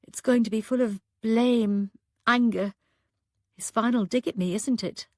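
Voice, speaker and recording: A woman voicing a shaken, grieving woman who speaks hesitantly and near tears, pitched higher than her narration. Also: fairly even intonation, unhurried, darkish tone, no room sound, studio quality. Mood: fragile.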